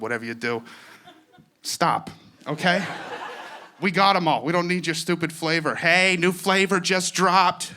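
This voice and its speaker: A man's voice: mid-range voice, bright, forceful tone. A man doing stand-up comedy in a wry, conversational way.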